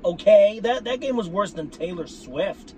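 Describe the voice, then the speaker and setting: A man's voice: sits high, lively intonation, measured pace, a little mellow, a little hiss or hum. A man ranting to his viewers about his football team, swearing often and repeating himself as he talks to them as "folks". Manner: profane, repetitive, addresses viewers as folks. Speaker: sports fan vlogger. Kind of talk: ranting fan commentary.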